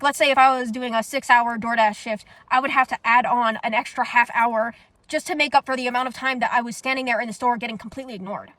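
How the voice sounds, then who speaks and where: A woman's voice: fairly high pitch, a bit bright, dry recording. A young woman from the United States telling a story in a casual monologue, blunt and profane. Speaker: vlogger.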